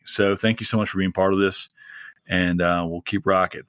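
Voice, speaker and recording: A man's voice: low-pitched, steady tone, fairly quick, fairly bright tone, no room sound. A man hosting a podcast in a casual, rambling and heartfelt monologue, close to tears. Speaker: podcast host.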